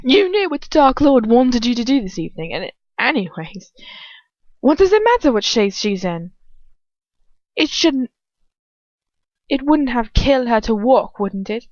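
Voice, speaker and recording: A woman voicing a haughty, demented witch with an English accent and a high, lilting, breathy sneer. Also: sing-song, a little slow, pauses often, a little mellow, no room sound, highs cut off. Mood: furious.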